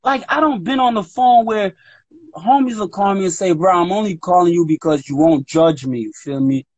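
A man co-hosting a casual chat show, telling animated stories with quick put-on voices for the people he quotes. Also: sits high, dry recording, lo-fi sound. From DMV area of the US. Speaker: podcast co-host.

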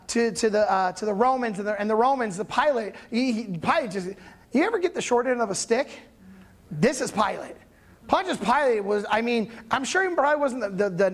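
A pastor with a medium-pitched voice preaches casually, retelling an old story in everyday language. He's animated and conversational, checking in with listeners often, so it feels like a friendly sermon rather than a formal one.

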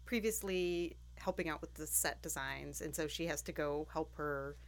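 A woman joining a casual podcast chat about a movie, chatty and expressive. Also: deep voice, moderate pace, vocal fry, crowd noise.

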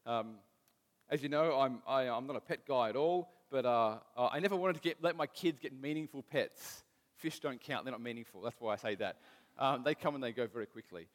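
A man's voice: mid-range voice, brisk. Man preaching in a reverberant hall. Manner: conversational, self-deprecating, restarts often. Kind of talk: sermon with personal stories.

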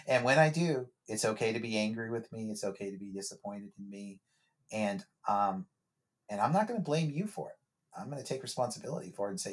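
A man's voice: on the low side, sing-song, moderate pace. A man who works as a therapist, a guest on a podcast, speaking in a reflective, conversational way with frequent restarts and repeated words.

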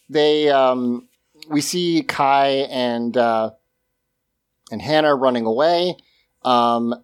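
Dude slowly rambling through an episode recap, keeps laughing, swears casually. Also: male voice, mid-range voice, clean tone. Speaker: podcast co-host.

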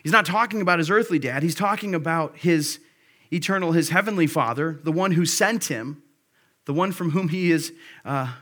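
Man in his thirties, pastor giving a sermon; fairly high, keen tone, relaxed talk with excited flashes. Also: moderate pace. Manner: conversational and earnest, with bursts of excitement.

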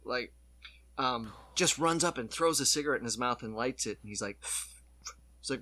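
A man in casual podcast chat, excited and swearing as he retells scenes. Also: mid-range voice, moderate pace.

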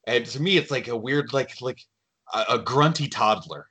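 A man who works as a lead game developer, chatting as a podcast guest in an easygoing, self-deprecating way as he thinks out loud. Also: mid-range voice, animated, moderate pace, slight background noise. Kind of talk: casual podcast chat.

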